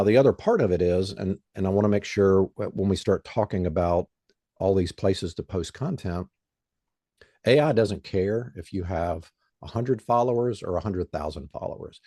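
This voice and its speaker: A man's voice: on the low side, warm tone, no echo, studio quality. A man who is a guest on an interview show, explaining in a plain, conversational way with frequent "um" and "you know.". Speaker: guest expert.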